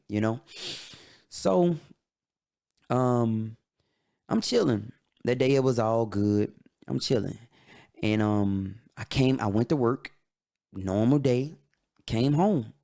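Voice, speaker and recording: A man hosting a podcast, telling a personal story in a candid, halting way. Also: mid-range voice, creaky, dark tone. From Atlanta, USA. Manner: candid, halting, emotional retelling. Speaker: podcast host.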